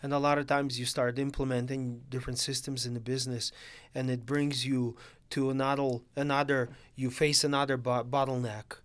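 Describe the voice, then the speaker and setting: A man's voice: medium pitch, level tone, normal speed, clear, resonant tone. Male podcast host, conversational, asks questions in easy casual talk. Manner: conversational, tags questions with "right".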